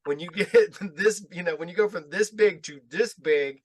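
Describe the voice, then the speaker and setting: A man with a fairly high voice spins loose, profane stories, laughing often and getting animated as he acts out what people said. The sound is close and dry, with no room around it. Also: moderate pace, no room sound. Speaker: guest filmmaker. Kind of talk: casual storytelling chat.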